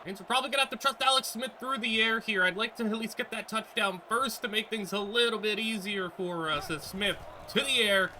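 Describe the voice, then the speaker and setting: A man giving excitable let's-play commentary on a football video game, reacting aloud to each play. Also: sits high, fairly quick, hardly any pauses, slight background noise. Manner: excitable, talks back to the game. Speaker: gaming YouTuber.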